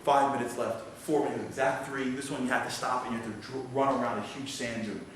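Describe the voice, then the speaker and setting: A man telling a story as a guest speaker in a synagogue hall, animated and acting out the voices. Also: medium pitch, brisk. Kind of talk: storytelling lecture. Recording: echoey hall from far off, noisy.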